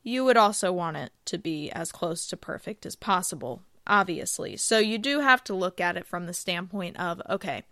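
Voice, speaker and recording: A woman's voice: medium pitch, fairly bright tone, dry recording, clean studio sound. A young woman hosting a podcast, giving business advice in a chatty, casual way with frequent filler phrases. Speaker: podcast host.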